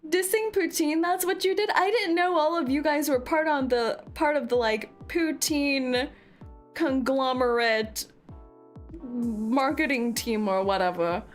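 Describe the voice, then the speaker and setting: A young woman with a high voice chats with her live-stream viewers, playful and theatrical, teasing them at an unhurried pace. Faint music plays behind her. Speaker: VTuber streamer.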